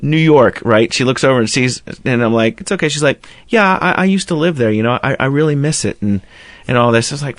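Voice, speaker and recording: This time the male radio host sounds expressive and fairly quick, his voice medium-pitched and the recording dry. In casual banter he tells a sprawling, profane story, mimicking the dialogue of both people on a phone call.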